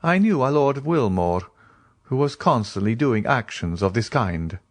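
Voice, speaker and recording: A man reading an audiobook voices a grave, reserved nobleman, speaking in measured tones. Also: mid-range voice, big pitch swings, dry recording, voice pushed up. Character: grave, mysterious nobleman, restrained.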